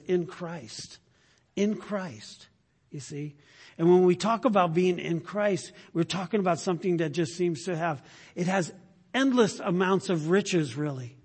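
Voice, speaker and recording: A man with a high, husky voice preaches a sermon. He moves from loud, emphatic lines down to quiet, breathy asides and slows right down to stress key words. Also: big-room sound. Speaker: pastor.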